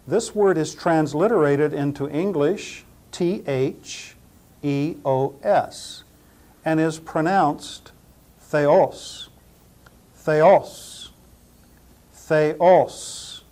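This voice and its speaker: Slow, deliberate male Greek teacher. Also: fairly high pitch, darkish tone. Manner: deliberate, repeats each word several times. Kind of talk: slow spoken pronunciation lesson.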